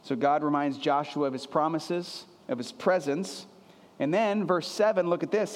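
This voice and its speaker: A male pastor delivering a sermon in a slightly higher-than-usual voice. He preaches with earnest emphasis, doubling back on key phrases to drive them home. His words ring out with a long reverb, as in a large church hall. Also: normal speed.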